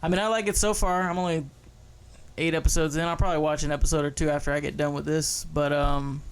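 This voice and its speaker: A man's voice: fairly high pitch, level tone, fast, clear, resonant tone. A young man co-hosting a podcast in casual chat, loose and profane, rambling with restarts. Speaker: podcast co-host.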